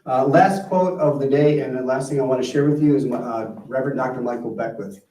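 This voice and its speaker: A man's voice: medium pitch, fast talker, dark tone. A man who is a minister, delivering a sermon and leading a prayer with an earnest manner. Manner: earnest, leads the congregation in affirmation. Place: church sanctuary. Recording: roomy, distant mic in a church hall with faint music.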